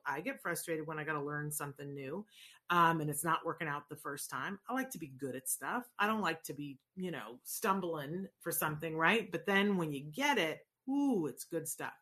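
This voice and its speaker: A woman's voice: lowish voice, fairly bright tone. A middle-aged woman hosting a casual advice talk, answering viewers in an earnest, encouraging way with frequent rhetorical asides. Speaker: host answering viewer questions.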